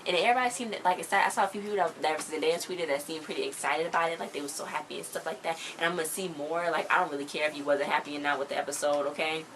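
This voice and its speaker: Chatty low-voiced woman recapping a show. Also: rapid-fire, hardly any pauses, noisy background. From US countryside. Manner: chatty, emphatic, slangy, animated. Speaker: TV episode reviewer. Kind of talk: casual recap vlog.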